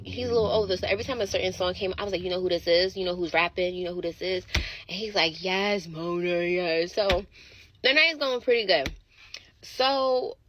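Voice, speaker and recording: Woman, lower register, casual storyteller. Animated and profane, acts out the quotes. Faint noise under the voice. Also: poor audio.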